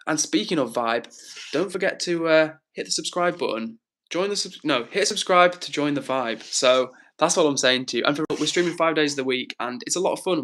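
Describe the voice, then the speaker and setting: Man, live streamer, upbeat chatty delivery, bright tone, slightly high voice. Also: slight background noise. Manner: upbeat, chatty, reads out viewer comments. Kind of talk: casual live-stream chat.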